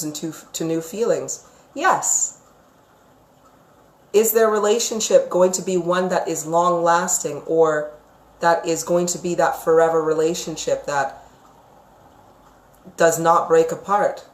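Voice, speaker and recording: A woman giving psychic readings on a live stream, chatty and emphatic, sometimes ranting. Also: fairly low pitch. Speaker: psychic reader. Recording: echoey room.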